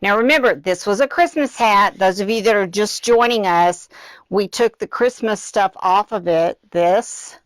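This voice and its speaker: A woman's voice: mid-range voice, unhurried, no room sound. A middle-aged woman hosting a live craft demonstration, chatting directly to her viewers and slightly out of breath. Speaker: craft tutorial host.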